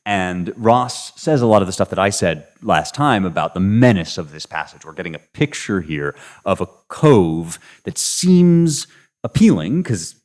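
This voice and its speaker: A man's voice: sits low, darkish tone. A man hosting a podcast, talking through poetry in a thoughtful, casual way with frequent restarts and hesitations. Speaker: podcast host. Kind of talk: casual literary commentary.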